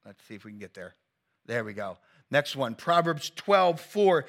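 A man's voice: fairly high pitch, expressive, moderate pace, pushed and bright. A middle-aged male pastor preaching a sermon in a conversational, teasing way, laughing at his own jokes.

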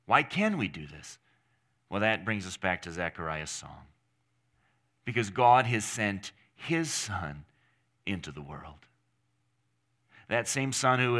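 A male pastor preaching a sermon in an earnest, emphatic way, with long pauses between phrases. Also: mid-range voice, pushed and bright.

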